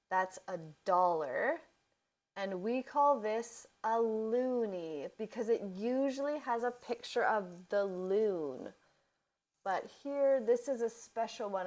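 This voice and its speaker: A woman, giving a vocabulary lesson in a careful, deliberate way and repeating examples for learners. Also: mid-range voice. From Canada. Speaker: English teacher. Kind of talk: slow, clear teaching explanation.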